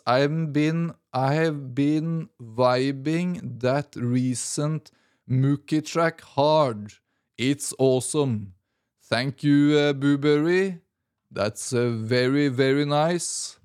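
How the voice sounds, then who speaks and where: A male podcast host speaking slowly and haltingly, his talk full of "uh" pauses. His voice sits a little high for a man and comes through smooth and clean. He keeps a relaxed, casual hosting tone. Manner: halting, frequent "uh" fillers. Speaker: podcast music show host.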